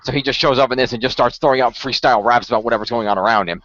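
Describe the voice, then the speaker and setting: A man's voice: medium pitch, very fast, fairly bright tone. A man hosting a podcast in casual chat, rambling with lots of fillers and restarts. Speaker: podcast host. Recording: muffled lo-fi dry audio.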